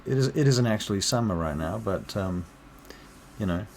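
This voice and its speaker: A man's voice: lowish voice, expressive, moderate pace, gravelly, a little mellow, slight background noise. A man running a tabletop game as game master, narrating with lots of hesitations and ums. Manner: hesitant, full of ums, chatty.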